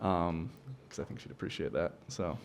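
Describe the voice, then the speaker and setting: Man telling a joke at his mom's memorial, voice bouncing all over, playful and halting. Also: low-pitched, creaky, slight background noise. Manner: playful, lively, halting with fillers. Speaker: son of the deceased, eulogy speaker. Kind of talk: joking memorial speech.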